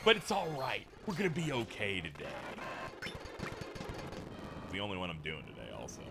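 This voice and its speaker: A man giving animated, profane video game commentary as a let's play host, with frequent laughing asides. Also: medium pitch, slight background noise.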